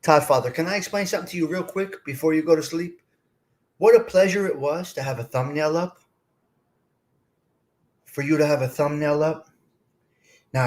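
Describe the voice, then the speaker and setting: A middle-aged man from North Jersey, his voice a little high for a man, hosts a live stream and reads comments in a casual chat. Blunt and streetwise, he addresses his chat directly as though they were sitting at the table with him.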